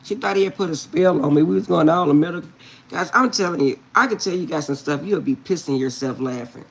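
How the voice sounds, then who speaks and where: Husky, low-pitched and fast, a middle-aged tarot reader launches into a funny family anecdote for her viewers. She's animated, breaks into laughter often, and keeps saying "I'm serious."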